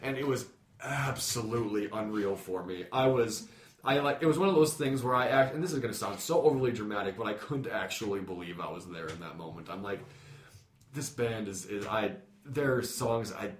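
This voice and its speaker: A man co-hosting a podcast in casual chat, gushing with enthusiasm and stumbling over repeated words when excited. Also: fairly low pitch, fairly quick. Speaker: podcast co-host. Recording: roomy echo.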